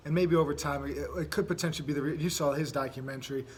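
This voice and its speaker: Laid-back podcast host, a bit high-voiced. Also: male voice, steady tone, racing, a loud crowd. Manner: rambling, laid-back, many fillers. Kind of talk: casual podcast chat.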